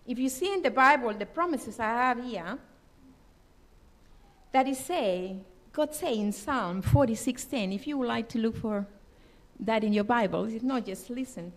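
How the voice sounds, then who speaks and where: High-voiced woman giving an earnest sermon. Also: a little slow. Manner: earnest, emphatic, non-native English phrasing. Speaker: lay preacher. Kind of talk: personal testimony sermon. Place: church.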